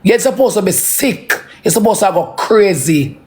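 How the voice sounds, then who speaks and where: A parent with a Jamaican accent in an emotional, profane ranting monologue that swings between slow brooding and heated outbursts. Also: medium pitch, expressive, a little mellow. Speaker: social media livestreamer.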